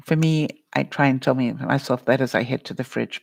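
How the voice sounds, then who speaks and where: Woman life-coach vlogger, very gravelly, dry close sound, encouraging live-stream talk. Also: a bass voice, a little fast, darkish tone, no room sound. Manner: earnest, encouraging, addresses viewers by name. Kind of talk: live-stream pep talk answering chat.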